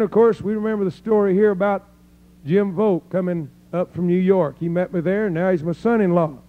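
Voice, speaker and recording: Older man, folksy preacher, rambling testimony, thin tinny recording. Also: high-pitched. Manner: folksy, rambling storyteller with laughs and praise interjections. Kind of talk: sermon testimony to a congregation. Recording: tinny lo-fi tape.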